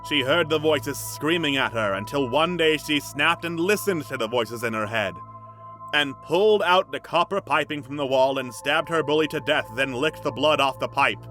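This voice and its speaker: A man's voice: a little high, moderate pace, sharp tone, soft background music. A young man reading a story aloud for laughs, breaking off with dry, mocking asides. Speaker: comedic story reader. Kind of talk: sarcastic dramatic reading with commentary.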